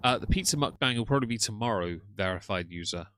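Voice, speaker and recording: Tired, sarcastic man with a low voice. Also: animated, fast, a bit bright, slight background noise. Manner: sarcastic, lecturing. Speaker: streamer commenting on another streamer. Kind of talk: casual live-stream commentary.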